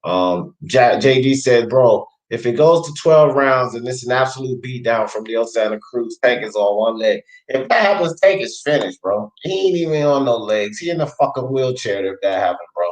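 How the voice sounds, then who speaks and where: A man's voice: medium pitch, animated, moderate pace, hardly any pauses, low-quality recording. A male sports talk host on a live boxing stream, reading viewers' chat comments aloud in a loose, slangy way and laughing often.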